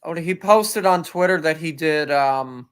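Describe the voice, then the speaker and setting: A man with a fairly high, smooth, clear voice hosts a relaxed commentary stream. He reads things out loud as he looks for the next clip, in a loose, chatty way. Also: unhurried. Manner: reads chat and pages aloud while browsing. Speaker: stream host.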